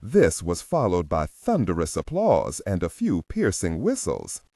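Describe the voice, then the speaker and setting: Deep husky male audiobook narrator. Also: wildly swooping pitch, unhurried, mellow, dry recording, studio quality. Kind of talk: scripted narration.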